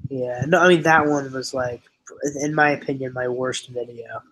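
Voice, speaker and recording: Halting young man hosting a chat. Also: medium pitch, fairly even intonation, fairly bright tone, low-quality recording. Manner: halting, restarts words often. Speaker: channel host. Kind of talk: casual chat on a stream.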